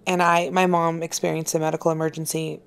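A woman being interviewed about her work, telling stories in an earnest, heartfelt way. Her voice sits fairly low, with a gravelly fry running through it. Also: little pitch movement, fast talker. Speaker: actress and author, interview guest. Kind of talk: casual interview conversation.

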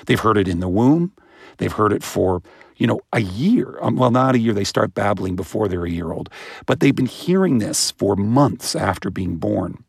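A man answering interview questions as an expert, explaining with animation and breaking into high-pitched imitations of baby sounds. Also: animated, moderate pace, gravelly, slightly rough, no room sound, studio quality. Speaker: guest expert on voice and language.

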